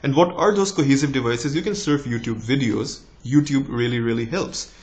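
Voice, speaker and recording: Encouraging young man, slight American tinge. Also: normal speed. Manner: relaxed, encouraging, with lively rises in pitch. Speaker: doctor giving exam tips. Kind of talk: casual advice vlog.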